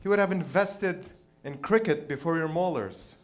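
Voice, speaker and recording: A man performing a stand-up routine, telling irreverent stories in an animated way. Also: fairly high pitch, normal speed. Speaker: stand-up comedian.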